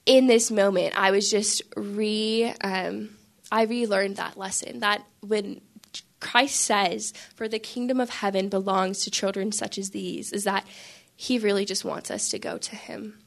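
A woman's voice: medium pitch, fairly even intonation, measured pace, gravelly. A young woman casually telling a faith story, chatty, with lots of filler words and frequent laughs. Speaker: Catholic speaker sharing a faith story.

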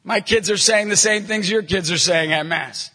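A middle-aged man, a Catholic evangelist, preaching energetically to a live audience, telling jokey stories and bursting into loud emphasis. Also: high-pitched, normal speed. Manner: punchy, jokey storyteller, bursts into shouting emphasis. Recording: long hall reverb from a large venue.

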